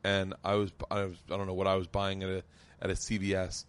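A man hosting a podcast in loose, casual chat, animated and quick to laugh and swear. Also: sits low, clean tone. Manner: animated, laughing, swearing, jumps to side stories. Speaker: podcast host.

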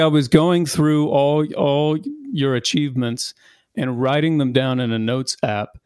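A man's voice: medium pitch, darkish tone, clear, resonant tone, no echo, studio quality. A man hosting a podcast interview, upbeat and enthusiastic as he introduces and questions his guest. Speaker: podcast host.

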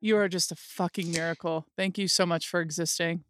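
A woman's voice: on the low side, steady tone, brisk, a bit bright, dry recording, clean studio sound. A woman co-hosting a podcast, effusive and heartfelt, swearing for emphasis. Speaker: podcast co-host.

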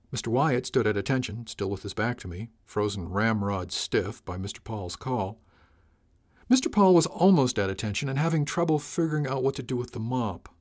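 A man reads a first-person audiobook. His voice is mid-pitched and even. The captain's lines come out dry and commanding. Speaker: narrator.

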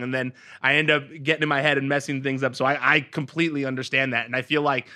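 A man with a fairly high, bright voice, hosting a podcast. He chats with sympathy and easy friendliness. His tone stays casual as he asks his guest questions. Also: steady tone, fast talker, few pauses. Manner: empathetic, chatty. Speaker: podcast host, interviewer.

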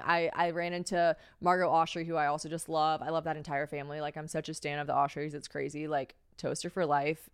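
Sounding worn out, this young solo podcast host swears freely and fills her chatty stories with fillers. She has a deep, smooth voice, recorded dry with clean studio quality.

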